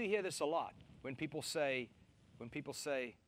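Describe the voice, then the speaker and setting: A man preaching a sermon, animated, acting out quoted voices to mock them and laughing between his points. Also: on the high side, a little fast, dry recording. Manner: animated, acts out mocking quotes.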